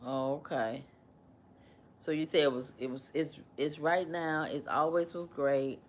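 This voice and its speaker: A woman hosting a casual livestream, animated and repetitive as she questions and mimics her commenters. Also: low voice, measured pace, a little hiss or hum. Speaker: livestream host.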